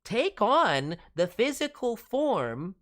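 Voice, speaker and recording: Voice actor guy on stream, lively up and down voice, chatty and encouraging, lots of ums. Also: high-pitched. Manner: chatty and encouraging, many fillers and quick asides. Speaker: voice actor and stream host reviewing demos. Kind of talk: casual livestream advice.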